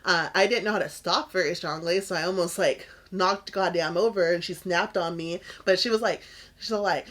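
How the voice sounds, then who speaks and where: A woman co-hosting a podcast, telling a story in casual chat, laughing often and acting out other people's lines in a higher voice. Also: normal speed. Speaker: podcast co-host.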